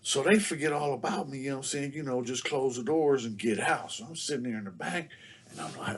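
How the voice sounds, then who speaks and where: A man tells a loose, casual story as a guest, at a medium pitch. He fills almost every phrase with "you know what I'm saying" and "you know." He keeps a relaxed, unhurried pace. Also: slight background noise.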